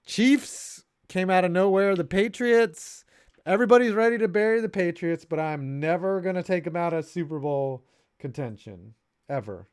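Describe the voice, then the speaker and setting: A man's voice: fairly high pitch, clear, resonant tone, dry recording, clean studio sound. A man co-hosting a sports livestream, reading donations and joking in casual chat with frequent swearing. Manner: animated, jokey, swearing, puts on voices reading messages. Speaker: stream co-host reading donations.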